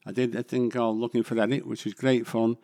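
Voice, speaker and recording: An older, chatty Mancunian man from England, a guest actor in a casual interview, talks fast at a medium pitch with little rise and fall. His tone is warm, and he rambles in a self-deprecating way.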